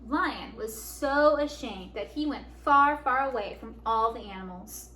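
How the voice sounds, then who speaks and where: A woman librarian reading a picture book aloud to children, expressive and animated. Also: on the high side, a little slow. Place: library program room. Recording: echoey room, faint background noise.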